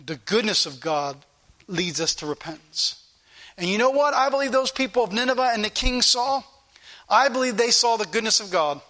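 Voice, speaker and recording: A man preaching, his voice high and ringing. He reads scripture and then drives it home with fervent repetition. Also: lively intonation, moderate pace, sharp tone. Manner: fervent, repeats lines for emphasis, reads scripture aloud. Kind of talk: sermon.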